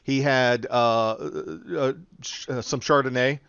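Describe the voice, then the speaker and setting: A man's voice: medium pitch, steady tone, takes it slowly, fairly bright tone, smooth, dry recording, highs cut off. A man hosting a casual podcast chat, loose and rambling, laughing often. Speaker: podcast host.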